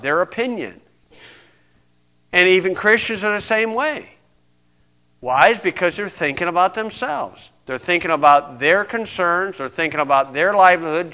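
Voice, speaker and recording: A man's voice: high voice, sharp tone. A man preaching a sermon to a congregation in a conversational way, asking his listeners questions as he reads verses. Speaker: pastor.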